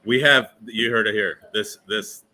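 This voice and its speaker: Bright-voiced man hosting an interview. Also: lowish voice, fairly even intonation, a little slow, a little hiss or hum, low-quality recording. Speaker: interviewer host. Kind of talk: casual interview. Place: indoor meadery bar.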